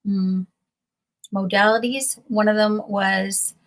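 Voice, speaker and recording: A woman's voice: mid-range voice, fairly even intonation, takes it slowly. A middle-aged woman telling a personal story as an interview guest over a video call from home, earnest and emotional, wandering as she talks. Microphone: computer mic on a video call.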